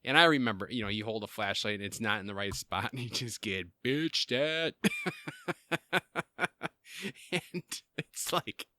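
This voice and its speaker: Guy rambling on his podcast, bright voice, dry close sound, lots of "you know". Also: fairly low pitch, expressive, a little slow, long pauses, no room sound. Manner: rambling, lots of fillers and restarts, laughs often. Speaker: podcast host. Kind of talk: casual rambling chat.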